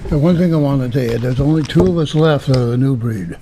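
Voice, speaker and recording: A man's voice: mid-range voice, quick pace, warm tone, a little hiss or hum. A man in his eighties, a retired police officer, making short blunt remarks as a talk-show guest. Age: 80s. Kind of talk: casual talk-show chat.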